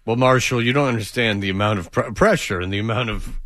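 A man co-hosting a sports radio show, joking and animated in casual talk. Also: lowish voice, quick pace, no room sound, studio quality. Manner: joking, animated, playful mock voices. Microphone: studio microphone.

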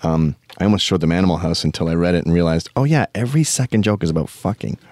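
A man's voice: low-pitched, fast, a little mellow, dry recording, clean studio sound. A man hosting a podcast, telling a rambling, profane comic story full of tangents. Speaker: podcast host. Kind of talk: casual comedic storytelling.

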